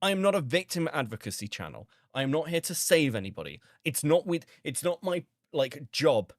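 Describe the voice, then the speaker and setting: Male drama-channel streamer, heated and foul-mouthed, very animated delivery, dry and close. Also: a little high, a little fast, no room sound. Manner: heated, profane ranting. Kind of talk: livestream commentary reacting to comments.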